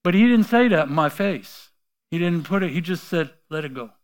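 A middle-aged man preaches from the pulpit, telling his story in a slightly high voice. He acts out the voices he quotes and swings between hushed asides and loud, forceful bursts. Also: lively intonation, normal speed, smooth. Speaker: pastor. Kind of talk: sermon.

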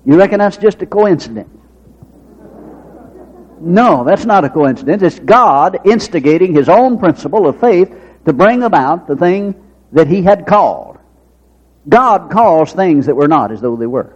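This sermon comes from a man with a fairly high, animated voice who talks a little slowly. He's folksy, fires off rhetorical questions, and performs small scenes using quoted voices, all on a dull, lo-fi recording.

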